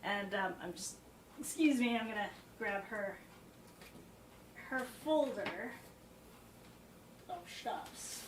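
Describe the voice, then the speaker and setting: Chatty piano teacher. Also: female voice, medium pitch, slow pace, long pauses. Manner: chatty, thinking aloud with fillers and asides. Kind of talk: casual practice-session talk. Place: home practice room with piano. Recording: roomy practice room, faint background noise.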